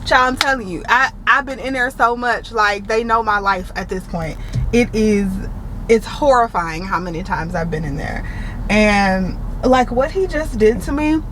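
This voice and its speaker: Vlogger woman, slightly high voice, numb-mouthed after the dentist, chatty, audible car noise behind. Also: unhurried, low-quality recording. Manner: chatty and excitable, addresses viewers as y'all. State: mouth still numb after dental work. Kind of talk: casual chat to camera.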